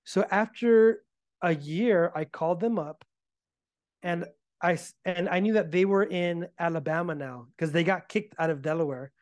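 A man being interviewed, telling his story in a casual, animated way and acting out the arguments he reports. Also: sits high, moderate pace, dry recording, clean studio sound. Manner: animated, acts out quoted arguments. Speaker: podcast guest.

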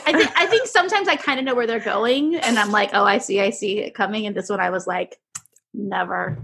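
A woman's voice: on the high side, fast, fairly bright tone, a little hiss or hum. A woman podcast host chatting casually with friends, telling jokes and laughing often. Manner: giggly, tells jokes with lots of laughter. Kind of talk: casual group chat.

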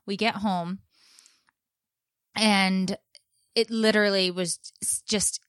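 A woman in her thirties co-hosting a chatty show, telling a story with lively acted-out bits. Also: medium pitch, slow, clean tone, no room sound, clean studio sound. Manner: animated storyteller, acts out her own shouting. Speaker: podcast co-host. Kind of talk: casual chat, storytelling.

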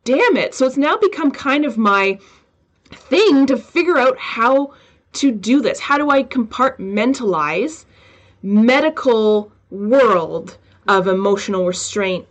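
A woman hosting a casual podcast interview, animated and quick, often slipping into quoted asides. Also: on the high side. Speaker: podcast host.

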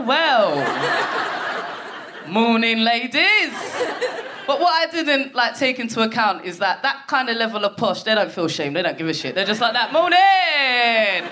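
A woman in her forties performing a stand-up comedy set on a theatre stage, telling a story full of swearing and quick asides to the crowd. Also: on the high side, pushed and bright. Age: 40s. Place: theatre stage before a live audience. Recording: noisy live theatre recording.

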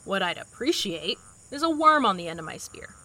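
A woman's voice: mid-range voice, lively intonation, normal speed, sharp tone, rough recording. A woman playing a brash, impatient young explorer who talks bluntly, swears and uses dry sarcasm in an audio drama. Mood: sarcastic.

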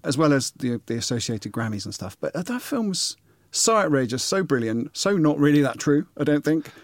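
A man in his forties, a podcast co-host, chatting in a joking way with quick interjections and some swearing. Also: on the high side, very animated, no echo. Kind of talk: casual chat.

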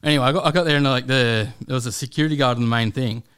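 Fast-talking young Australian man. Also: mid-range voice, fairly bright tone, smooth. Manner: rambling, swears a lot, acts out quotes. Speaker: guest comedian. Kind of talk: casual podcast chat.

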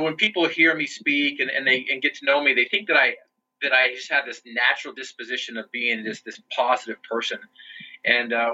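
A man in his forties, a podcast guest, tells his story earnestly and slows down on the key words. His voice is very bright and husky. He sounds a little distant, in a dull, lo-fi recording. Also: medium pitch. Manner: earnest and motivational, slowing down for emphasis. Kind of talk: personal storytelling in an interview.

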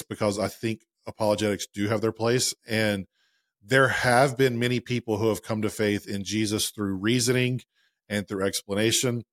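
A man in his thirties co-hosting a podcast, chatting in a relaxed, self-deprecating way. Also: lowish voice, no room sound, studio quality. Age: 30s. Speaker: podcast co-host. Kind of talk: casual podcast chat.

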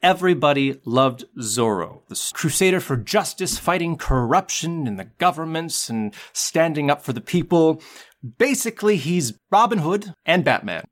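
A man hosting a podcast in casual chat, jokey and quick when he explains something. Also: a little high, lively intonation. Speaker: podcast host.

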